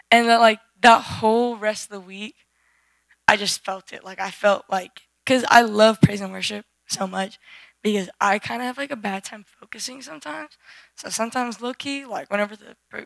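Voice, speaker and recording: A teenage girl with a hoarse, worn-out voice, giving a rambling personal testimony at a church service on a handheld mic, full of fillers and restarts. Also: medium pitch, no room sound. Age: teens. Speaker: youth group member giving testimony. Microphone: handheld microphone.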